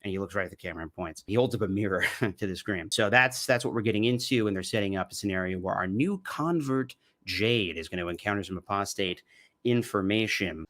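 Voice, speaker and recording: A man's voice: fairly low pitch, a little fast, a bit bright, slight background noise. A man giving sarcastic, mocking commentary on religious videos. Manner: sardonic, mocking. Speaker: commentary YouTuber.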